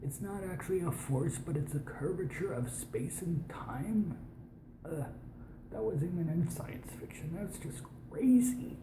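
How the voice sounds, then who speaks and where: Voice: medium pitch, expressive. A young adult from the United States speaking in a put-on posh British accent, hosting a science show in a rambling casual monologue that slips into whispered asides. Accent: put-on posh British over American. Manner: rambling, with many restarts and slow, stretched words. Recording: echoey room with background noise.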